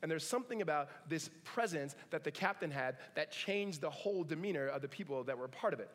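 Guy preaching, kinda high voice, joking around, long hall echo. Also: animated, fast, a bit bright. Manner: conversational, humorous asides. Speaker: pastor. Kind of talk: sermon.

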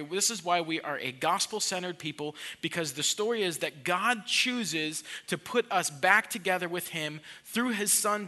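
Bright-voiced preaching man. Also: a little high. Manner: earnest, emphatic preaching with repeated restarts. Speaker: pastor. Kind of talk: sermon. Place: church.

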